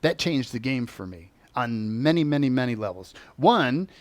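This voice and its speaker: A man who teaches on spiritual topics, telling a personal story in an animated way and acting out the voices he quotes. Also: medium pitch, moderate pace, slight background noise.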